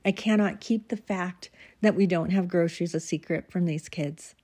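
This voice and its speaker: A woman's voice: lowish voice, moderate pace, dark tone, slightly rough. A woman voicing a patient wife who pleads with and soothes her husband. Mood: pleading.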